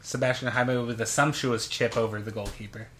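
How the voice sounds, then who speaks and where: An American man co-hosting a relaxed soccer podcast. He is playful and jokey and keeps tossing out deadpan absurd claims. His voice sits in an everyday middle pitch. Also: a little fast, a little hiss or hum. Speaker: podcast co-host. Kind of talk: casual sports podcast chat.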